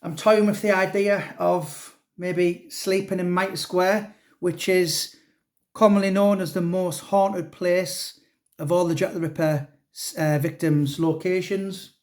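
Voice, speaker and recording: Bloke rambling on about his book, kinda high voice, lots of ums and restarts. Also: fairly even intonation, takes it slowly. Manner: rambling, chatty, many restarts and fillers. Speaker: author. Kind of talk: casual chat.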